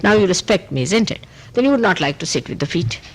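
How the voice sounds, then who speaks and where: A woman's voice: quick pace, slightly rough, poor audio. A woman with an Indian accent gives a spontaneous spiritual talk on an old tape recording, answering questions emphatically and repeating "you see". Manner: animated and emphatic, pitch rising on key points; speaks in short repeated phrases with "you see". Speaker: spiritual teacher.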